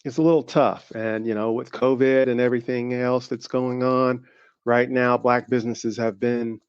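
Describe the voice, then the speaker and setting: A man's voice: medium pitch, flat delivery, normal speed, clear, resonant tone, dry recording. Southern-accented male co-host, rambling chatty delivery, muffled lo-fi recording. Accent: Southern American. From American South. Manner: rambling, many fillers and restarts. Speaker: podcast co-host. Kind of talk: casual podcast conversation. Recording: dull lo-fi sound.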